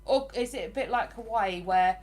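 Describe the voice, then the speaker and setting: A woman's voice: medium pitch, normal speed, darkish tone. A woman with an English accent hosting a casual live stream, chatting and laughing easily as she greets viewers by name.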